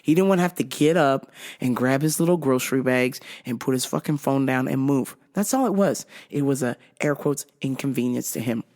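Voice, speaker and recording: A woman's voice: rumbling low, a little fast, a little mellow. A woman hosting a podcast, telling a story casually with plenty of swearing and acting out both sides of an argument. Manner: profane, exasperated retelling; acts out both sides of a quarrel. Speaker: podcast host.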